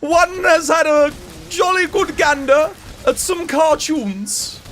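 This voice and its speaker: A man voicing a pompous upper-class English gentleman with a posh English accent, speaking in a haughty, stiffly formal manner. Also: very high-pitched, takes it slowly, a little hiss or hum, voice pushed up, heavily acted.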